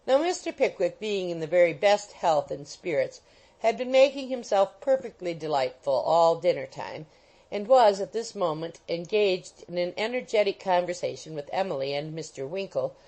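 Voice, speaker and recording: A woman narrating a classic novel as an audiobook, reading in a measured, expressive way. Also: on the low side, rough recording.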